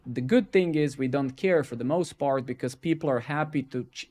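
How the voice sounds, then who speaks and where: A man of ordinary pitch chats on a live coding stream. He rants with plenty of swearing and constant "right?" and "man". Between rants he mutters softly to himself as he fixes his code. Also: creaky. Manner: profane, ranting, keeps tagging "right?" and "man"; drops into quiet muttering while debugging. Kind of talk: casual live-stream rant while coding.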